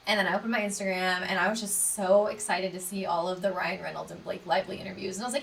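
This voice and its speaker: A woman's voice: medium pitch, steady tone, quick pace, vocal fry, few pauses, fairly bright tone, far from the mic, a little hiss or hum. A young woman, hosting a casual solo podcast in a bubbly, gushing way, full of fillers. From Texas. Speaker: podcast host.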